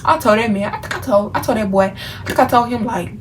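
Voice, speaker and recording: A woman's voice: fairly high pitch, lively intonation, quick pace, distant mic, slight background noise, poor audio. A woman from Memphis telling a casual storytime to her viewers, chatty and full of fillers. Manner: chatty, talks straight to viewers, many fillers. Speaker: vlogger.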